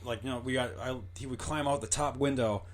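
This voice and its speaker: A man's voice: medium pitch, fairly even intonation, brisk. Crude joking man hosting a podcast. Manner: crude, joking, swears freely. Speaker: podcast host. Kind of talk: casual chat.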